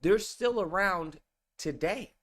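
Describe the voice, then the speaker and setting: Slow-talking incredulous male video host. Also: high voice, expressive, a bit bright. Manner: incredulous, exclaiming, repeats himself. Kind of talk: casual reaction commentary.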